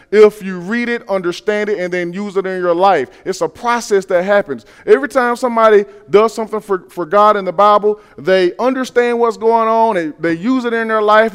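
A man preaching a sermon in an earnest, conversational way, dropping to quiet asides and building to loud emphasis. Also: clear, resonant tone, long reverb tail. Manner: earnest, swings between soft low asides and loud rising emphasis; conversational, uses everyday scenarios and repeats key phrases.

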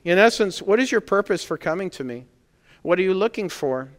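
Male preacher, fairly high voice, smooth and resonant, talky sermon, emphatic stresses. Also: lively intonation, a little fast, long reverb tail. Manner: conversational, emphatic, rising to loud stresses.

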